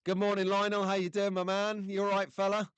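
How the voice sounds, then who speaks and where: A man's voice: sits high, monotone, fairly quick, clear, resonant tone, dry recording. Chatty English man hosting a live stream. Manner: chatty, jokey, greets viewers by name. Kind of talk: casual live-stream chat.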